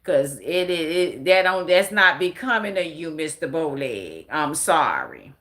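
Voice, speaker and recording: A woman livestream commentator talks straight to her viewers in a casual stream, ranting bluntly and emphatically with lots of swearing. Her voice is low-pitched and fairly bright, with big pitch swings and an unhurried pace.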